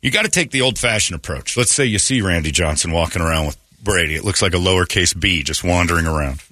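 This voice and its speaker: A low, husky male voice with plenty of bright edge, rising and falling with animated swings as he riffs through a casual radio morning show. He tells his stories in a lively way, mimicking the people in them. The sound is dry and close, as in a radio studio. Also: fast, no room sound. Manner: animated storyteller who acts out quoted voices.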